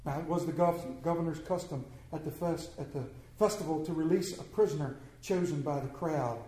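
Male preacher, earnest sermon, fairly high voice, roomy church echo. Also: moderate pace, warm tone. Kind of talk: sermon with scripture reading.

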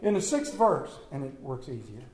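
A male preacher telling a comic personal story in a sermon, with animated delivery. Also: mid-range voice, normal speed. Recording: echoey room.

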